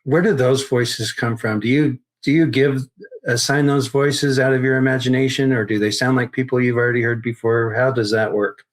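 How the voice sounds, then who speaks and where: A man's voice: mid-range voice, steady tone, moderate pace. A man hosting a podcast, asking questions methodically and often restarting his phrasing. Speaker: podcast host and interviewer. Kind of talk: interview questions.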